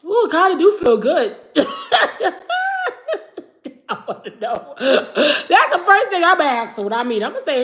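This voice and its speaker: A woman in her forties running a casual live stream, with a high voice that swoops up and down. She is brash and profane, laughs often, and mimics the people she talks about. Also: sing-song, unhurried, long pauses, fairly bright tone. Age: 40s.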